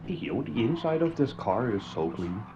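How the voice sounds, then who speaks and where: A man's voice: mid-range voice, very animated, moderate pace, lo-fi sound, noisy background. A man from the Netherlands joking dryly with friends during an online race. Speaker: gaming guest. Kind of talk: casual gaming chat.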